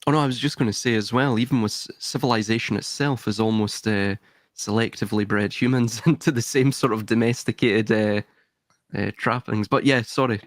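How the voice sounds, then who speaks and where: A man in an unscripted podcast conversation, cutting in quickly and apologizing. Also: lowish voice, fairly even intonation, no room sound, studio quality.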